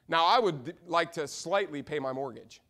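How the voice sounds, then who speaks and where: Fervent high-voiced preacher. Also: male voice, moderate pace. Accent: Midwestern American. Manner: fervent preaching with sudden loud outbursts and quiet drops. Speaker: pastor. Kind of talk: sermon. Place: church sanctuary.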